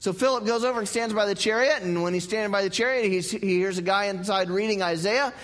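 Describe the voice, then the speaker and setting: A man's voice: high-pitched, fast talker, fairly bright tone, big-room sound. A male pastor preaching a sermon in a church, conversational and joking, repeating his key phrases. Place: church sanctuary.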